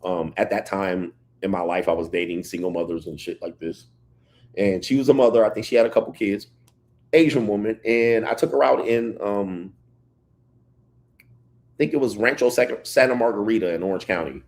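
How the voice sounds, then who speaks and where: A man hosting a casual livestream, reading chat comments and telling stories in an animated way. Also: on the low side, normal speed. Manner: animated storytelling, reads chat comments aloud. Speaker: livestream host.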